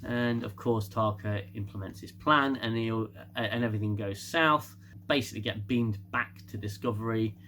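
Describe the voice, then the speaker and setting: A man's voice: lowish voice, normal speed, pushed and bright, a little hiss or hum. A man casually recapping a TV episode, rambling with restarts and laughing often. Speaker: TV show reviewer.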